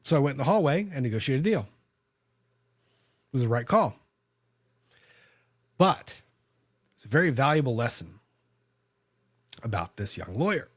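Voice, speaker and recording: A man's voice: medium pitch, sing-song, unhurried, long pauses, no echo, clean studio sound. A man, a lawyer hosting a podcast, telling a story in a casual, conversational way with frequent restarts and self-corrections.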